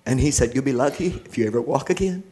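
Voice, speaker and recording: A man's voice: mid-range voice, fast talker, dark tone. A middle-aged man, a guest in an interview, telling his own life story with earnest feeling and a laugh now and then. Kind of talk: personal testimony in church.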